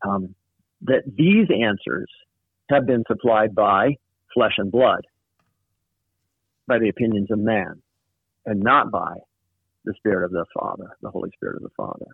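A man's voice: on the low side, measured pace, vocal fry, pauses often, husky, dry recording. A man in a casual Bible study discussion, explaining a passage thoughtfully with frequent fillers. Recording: tinny phone-like line.

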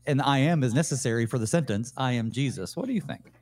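Thoughtful pastor musing aloud. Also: male voice, mid-range voice, animated, quick pace, a little mellow. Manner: thoughtful, tentative, many fillers. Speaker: pastor, guest. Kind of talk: conversational Bible study discussion.

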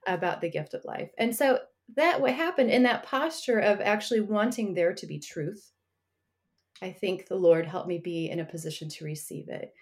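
A woman's voice: mid-range voice, normal speed. A married woman telling her faith story as an interview guest, earnest and reflective, with frequent light laughter between thoughts.

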